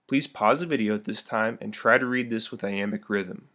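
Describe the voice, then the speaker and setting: A man teaching a recorded video lesson in a friendly, upbeat way, reading verse slowly with heavy stress. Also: on the low side, sharp tone.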